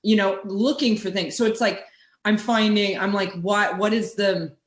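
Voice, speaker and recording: A woman's voice: mid-range voice, fairly even intonation, normal speed. A woman co-hosting a podcast, talking in a rambling, self-interrupting way and laughing often. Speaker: podcast co-host. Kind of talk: casual chat. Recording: roomy echo.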